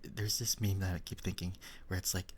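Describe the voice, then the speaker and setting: A young man from the Philippines chatting with his chat in a soft, whispered role-play style, giggling often. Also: low-pitched, flat delivery, fairly quick, slightly rough. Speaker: streamer.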